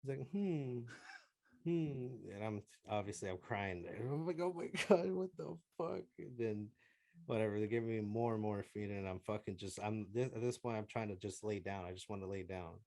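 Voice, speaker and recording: With a lowish, dark-toned voice and a brisk pace, a podcast co-host casually tells friends a crude, profane story. He laughs and acts out what other people said, and there's no room sound.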